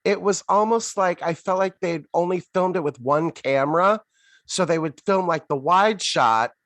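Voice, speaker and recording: A man's voice: sits high, moderate pace, fairly bright tone, dry recording. A man co-hosting a podcast, chatting casually with blunt, sarcastic complaints. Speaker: podcast co-host. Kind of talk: casual chat.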